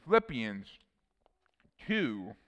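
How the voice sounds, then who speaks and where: A man's voice: medium pitch, very animated, very slow, fairly bright tone, in a large hall. A man preaching a sermon, earnestly reading scripture verses aloud with personal asides.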